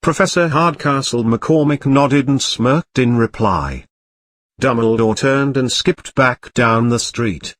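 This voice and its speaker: A man narrating a comic parody storybook in an even, plain reading. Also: medium pitch, slow pace, dry recording.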